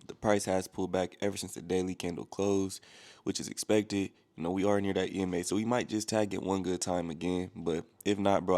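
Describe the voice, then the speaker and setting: A man's voice: low-pitched, darkish tone. A man in his twenties vlogging casually about his day trades, slangy and easygoing, calling viewers bro. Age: 20s. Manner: laid-back slang-heavy talk, calls viewers bro. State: a little out of breath. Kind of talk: casual vlog with market updates.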